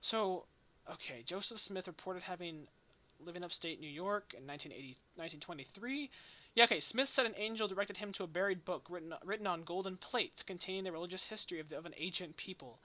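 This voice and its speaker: A man's voice: sits high, quick pace, pushed and bright. A young man hosting a casual podcast chat, rambling and retelling stories with lots of filler words. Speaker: podcast host.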